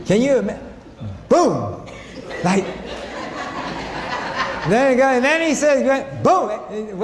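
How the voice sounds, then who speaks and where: Man, high gravelly voice, animated health sermon, questions to the crowd, long hall reverb. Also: slight background noise. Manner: animated, asks audience questions, acts out dialogue. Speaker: health lecturer. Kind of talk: faith-based health talk. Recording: hall reverb with faint ambience.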